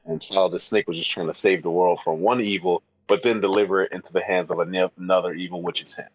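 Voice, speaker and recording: A man co-hosting a casual podcast, thinking out loud and hedging his guesses. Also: low voice, steady tone, fast, no echo, low-quality recording. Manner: thinks aloud, hesitant guesses. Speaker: podcast co-host. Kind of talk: casual chat.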